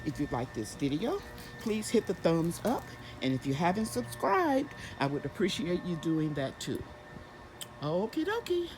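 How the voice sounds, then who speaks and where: A woman's voice: low voice, big pitch swings, normal speed, music in the background, rough recording. Chatty woman gardening outdoors. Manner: chatty, explains each gardening step as she works. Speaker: gardening channel host. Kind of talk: casual vlog narration.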